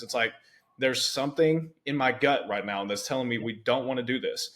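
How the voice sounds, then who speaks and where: A young man hosting a podcast, telling stories in an animated, chatty way with many asides. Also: mid-range voice, a little fast. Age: young adult. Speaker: podcast host. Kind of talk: conversational interview.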